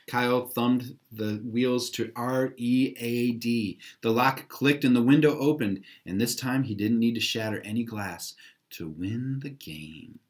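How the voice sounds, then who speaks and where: A man's voice: mid-range voice, measured pace. A man reading a children's novel aloud. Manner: casual asides between passages. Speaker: audiobook reader.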